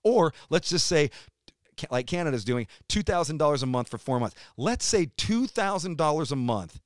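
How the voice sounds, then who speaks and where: A man's voice: fairly high pitch, big pitch swings, normal speed, no echo. A middle-aged American man ranting heatedly and profanely in a casual interview chat. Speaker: podcast guest, metal musician.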